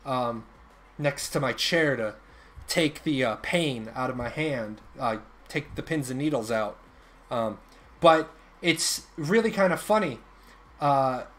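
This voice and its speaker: A man's voice: high-pitched, fairly bright tone. A man from Ireland chatting casually on a live game stream, telling rambling stories and often restarting his sentences.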